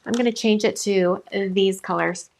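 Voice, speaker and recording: A woman's voice: medium pitch, steady tone, moderate pace, vocal fry. Brief: woman host, live crafting demo, upbeat running narration, hiccups, noisy recording with clicks. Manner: chatty, upbeat, narrates her hands. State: has the hiccups.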